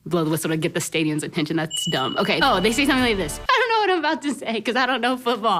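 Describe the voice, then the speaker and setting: A woman's voice: on the high side, animated, rapid-fire, few pauses, fairly bright tone, soft background music. A young woman teaching a youth church lesson, telling stories in a chatty way with lots of "like" and "right?" and frequent laughs. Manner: laughs often, self-teasing. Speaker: children's ministry teacher. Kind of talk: animated youth lesson talk.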